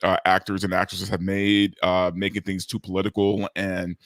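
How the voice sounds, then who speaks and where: A man's voice: low voice, completely flat delivery, normal speed, no echo, clean studio sound. Laid-back male guest, casual talk. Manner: casual, laid-back, says "man" and "right". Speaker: guest channel host. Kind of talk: casual chat.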